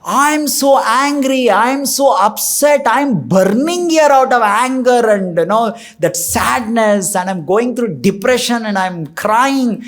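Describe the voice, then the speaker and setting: A man's voice: extremely high pitch, lively intonation, slow pace, hardly any pauses, fairly bright tone, exaggerated voice. A man voicing a furious, indignant old maidservant who rants as he retells a scripture story. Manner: ranting, indignant.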